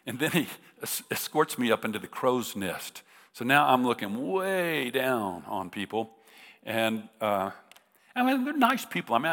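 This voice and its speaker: The hall is reverberant as a middle-aged American man, a visiting preacher, recounts a humorous story in his sermon, talking casually with frequent restarts. His pitch is fairly low and his tone a bit bright.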